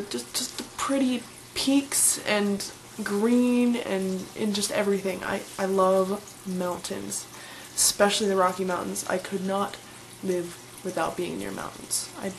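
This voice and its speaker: A woman's voice: medium pitch, a little slow, vocal fry, few pauses, a little hiss or hum, poor audio. A young woman in her twenties, chatting casually and enthusiastically as she answers questions in a vlog. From Colorado, USA. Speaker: vlogger.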